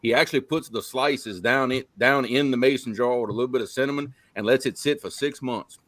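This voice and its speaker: A man's voice: mid-range voice, a little fast, a bit bright. A man chatting casually on a live open mic stream, telling stories in an easygoing drawl.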